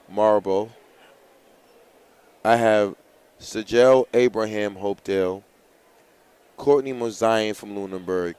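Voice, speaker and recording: At a live track meet, a male race announcer reads out heats, gives coaching tips and hypes the runners with excitement. His voice is on the low side and smooth.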